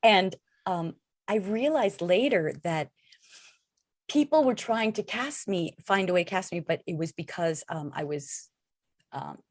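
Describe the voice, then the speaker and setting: Middle-aged woman, interview guest; lowish voice, dry close sound, chatty and rambling. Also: animated, a little slow, no echo. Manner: chatty, rambling with many fillers. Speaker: actress guest. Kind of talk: casual interview chat.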